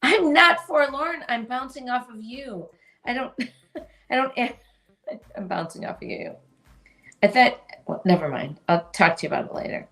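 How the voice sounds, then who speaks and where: A woman's voice: on the high side, animated, measured pace, creaky, long pauses. A woman co-hosting a casual chat, self-deprecating and hesitant, often trailing off mid-sentence. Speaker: co-host.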